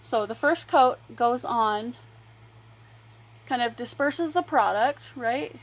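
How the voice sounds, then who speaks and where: A woman hosting a casual makeup livestream, rambling chattily between applying mascara and pitching her products. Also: slow, low-quality recording. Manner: chatty and rambling, drifting between demo and sales talk. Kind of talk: casual makeup tutorial chat.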